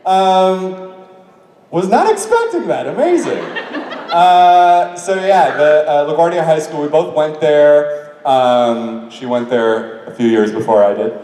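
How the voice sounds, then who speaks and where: A New York man answers fans on a convention panel with a slightly high, dark-toned voice, slow but animated. He's chatty and self-deprecating, laughing frequently, and he's heard from far off through a PA in an echoey hall packed with an audience.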